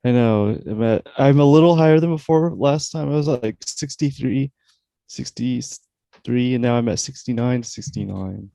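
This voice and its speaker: Gravelly, laid-back man on a podcast. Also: medium pitch, normal speed, dark tone, no room sound. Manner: laid-back, short replies, hesitant. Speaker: podcast co-host. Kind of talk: casual chat.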